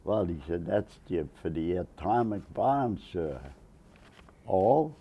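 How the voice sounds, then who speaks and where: Slow, gravelly older man telling war stories. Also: deep voice. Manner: animated retelling with quoted voices, laughing. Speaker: Navy veteran interviewee. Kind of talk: oral history storytelling.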